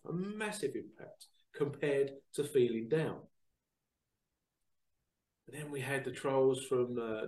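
A man hosting a show, talking casually to viewers in a chatty, animated storytelling way that repeats phrases. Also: mid-range voice, far from the mic. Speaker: psychic reader and show host. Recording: roomy sound, away from the mic.

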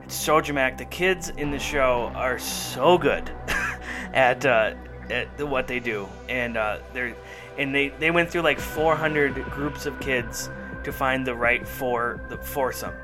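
A man's voice: mid-range voice, measured pace. Chatty podcast host man with music under. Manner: rambling, enthusiastic, lots of fillers. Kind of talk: casual chat.

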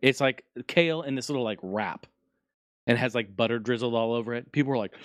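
A man's voice: medium pitch, a little fast, a bit bright, no echo, clean studio sound. A man hosting a casual solo podcast, ranting animatedly and swearing often. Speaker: podcast host.

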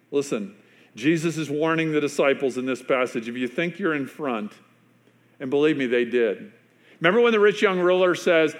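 A man, a pastor preaching a sermon in a loose, conversational storytelling way, full of fillers and restarts, often dropping to a hushed voice to drive a point home. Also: on the high side, lively intonation, moderate pace. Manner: drops to a hushed, quieter voice for emphasis.

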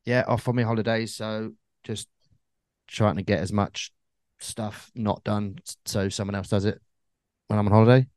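A man's voice: fairly low pitch, fairly even intonation, moderate pace, a little mellow, no echo. A man, co-hosting a podcast in casual chat with dry, joking banter. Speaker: podcast co-host.

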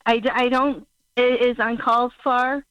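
Older woman caller from Missouri, emotional and halting, higher-pitched, on a dull phone line. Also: level tone, clean tone, no room sound. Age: 60s. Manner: halting, emotional, searching for words. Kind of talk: call-in talk show caller. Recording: muffled phone call.

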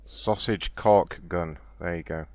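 A man's voice: sits low, slow, very noisy. A man hosting a prank call show, rambling casually with crude, sarcastic remarks. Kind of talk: casual crude radio banter.

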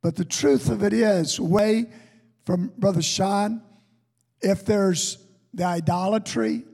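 A pastor with a high yet darkish-toned voice, husky and gravelly, preaches slowly from the pulpit of a church. His drawn-out words echo at length through the hall as he moves between folksy stories and fervent exhortation.

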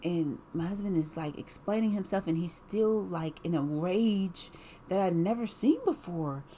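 A woman casually telling a personal story in an animated way, full of "like" and laughs. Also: fairly low pitch, unhurried, slight background noise.

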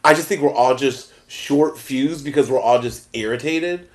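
A man co-hosts a casual podcast. His voice is mid-pitched. He tells stories with energy, quoting others' lines and laughing as he goes. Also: normal speed. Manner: animated storytelling, acting out quotes, laughing. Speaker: podcast co-host. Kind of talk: casual chat.

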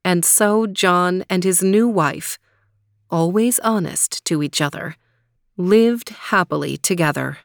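Slow, measured woman storyteller. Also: on the low side, creaky, dry recording. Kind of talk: storybook read-aloud.

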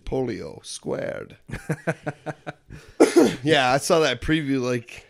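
A young man bantering casually with friends, joking and now and then breaking into loud mock-shouted bits. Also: mid-range voice, expressive, extremely slow, creaky.

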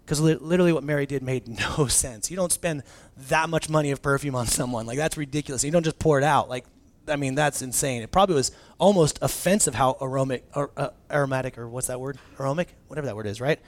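A man preaching a conversational sermon as a pastor, casual and animated, often restarting phrases and dropping in filler words. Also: medium pitch, fast talker, hardly any pauses.

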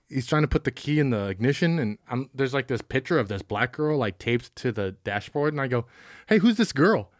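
A man's voice: mid-range voice, no room sound, clean studio sound. A man hosting a podcast, chatting casually and telling stories with jokes. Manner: jokey, animated storyteller. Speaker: podcast host. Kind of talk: casual chat.

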